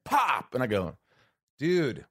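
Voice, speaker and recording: Animated, profane man telling stories. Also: medium pitch, fast. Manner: animated, profane, acts out quotes. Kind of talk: casual storytelling chat.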